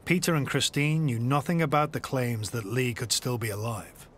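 A man narrating a true-crime documentary in a measured, even voice. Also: mid-range voice, slight background noise. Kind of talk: scripted narration.

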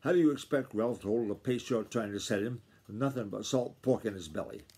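A man's voice: on the low side, fairly quick, breathy edge. A man reading aloud and voicing a blunt, grumbling uncle on a farm. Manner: grumbling, sharp plain talk. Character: grumbling adult farmhand uncle, blunt and protective.

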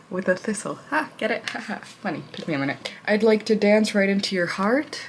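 A young vlogger chats casually at home, talking a little fast, gushing over things and using lots of filler words. She reads card captions aloud and slips into high baby talk with her pet, with slight background noise audible.

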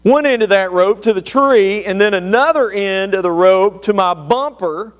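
A man's voice: high voice, animated, normal speed. A man playing a well-meaning, clumsy preacher in a folksy joke. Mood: scheming. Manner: folksy, fretful storytelling.

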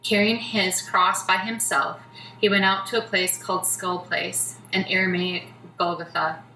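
Woman scripture narrator, bright tone, lower pitch, far mic in a roomy church. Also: little pitch movement, a little slow. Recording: roomy church from a distance, faint noise.

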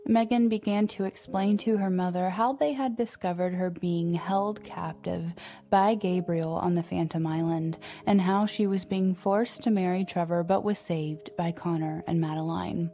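Woman audiobook narrator, steady delivery, lowish mellow voice. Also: normal speed. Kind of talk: scripted narration.

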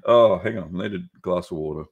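A man's voice: low-pitched, fairly quick, lo-fi sound. An Australian man hosting a live stream, answering viewer questions in a rambling, easygoing way with many fillers. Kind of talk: casual live-stream chat.

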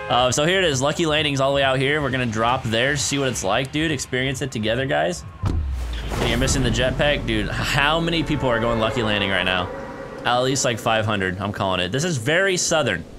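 A man's voice: medium pitch, fairly quick, over music. A young man casually commentating a live game stream, chatty and laid-back, with a tired early-morning voice. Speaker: gaming streamer.

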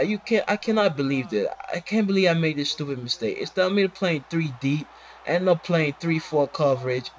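A man's voice: on the high side, lo-fi sound. A man giving casual commentary over a replay of his own game, complaining in an exasperated voice and asking rhetorical questions, with plenty of fillers. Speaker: gameplay commentator.

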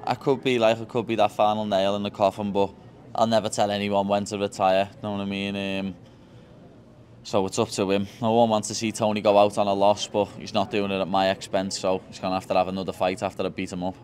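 A man's voice: fairly low pitch, flat delivery, fast talker, a little mellow, a little hiss or hum. A young man with a Liverpool accent, answering interview questions in a blunt, cocky way. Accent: Liverpool English. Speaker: fighter.

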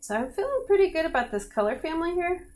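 A woman in her studio giving a live oil painting demonstration, talking in a relaxed, chatty way with many fillers. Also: extremely high pitch, fast talker. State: slightly cracky voice. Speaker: painting instructor.

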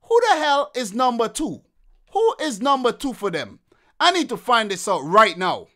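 A man's voice: very high voice, very animated, moderate pace, fairly bright tone. Guy streaming a football game, fed up and ranting, voice swings all over. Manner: exasperated ranting, keeps adding "man". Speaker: gaming streamer. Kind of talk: live gameplay commentary.

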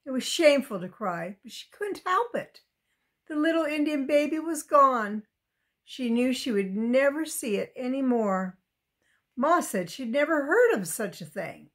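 A woman reading a children's chapter book aloud with gentle asides for young listeners. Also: sits high, sing-song, unhurried. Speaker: reader.

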